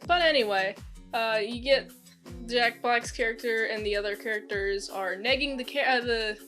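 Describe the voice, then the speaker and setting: A woman giving a casual spoken movie review, rambling with lots of fillers and acting out lively quotes. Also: fairly high pitch, moderate pace, faint music behind.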